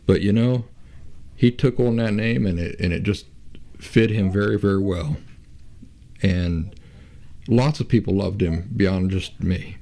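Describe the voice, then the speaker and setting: A man hosting his own show, talking in a reflective, unhurried way with frequent restarts and pauses. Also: low voice, dark tone. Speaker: podcast host. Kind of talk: reflective casual talk.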